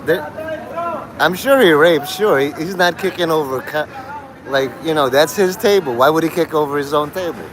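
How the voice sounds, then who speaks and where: A man's voice: fairly high pitch, normal speed, background noise. A man live-streaming outdoors on a city street, chatting in a rambling, meandering way and laughing often between thoughts. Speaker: livestreamer.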